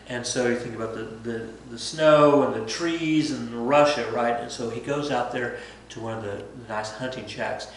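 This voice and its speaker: A man at a medium pitch tells a history story to his class in a casual, chatty way, often slipping into acted-out dialogue. His voice bounces around a very echoey room, with faint noise underneath. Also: normal speed. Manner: chatty, animated, acts out dialogue. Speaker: history teacher.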